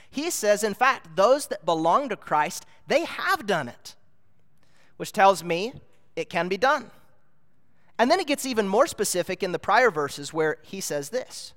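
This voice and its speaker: High-voiced preacher in a reverberant hall. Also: male voice, very animated, unhurried, sharp tone. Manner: earnest, explanatory, rising to emphatic peaks. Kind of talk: sermon.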